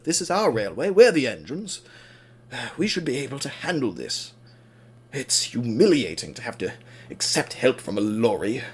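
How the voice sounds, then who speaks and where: A man voicing a proud, worn-out male steam engine who speaks gruffly, low and quiet. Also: sing-song, normal speed. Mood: weary.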